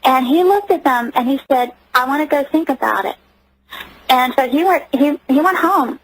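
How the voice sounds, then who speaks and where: A woman's voice: sits high, animated, normal speed, poor audio. A woman giving personal testimony as a radio interview guest, earnest and emotional, often restarting her sentences.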